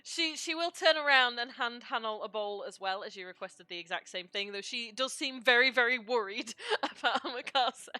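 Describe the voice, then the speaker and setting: A woman narrating a tabletop game as game master, describing scenes with unhurried pauses. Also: fairly high pitch, sharp tone, dry recording.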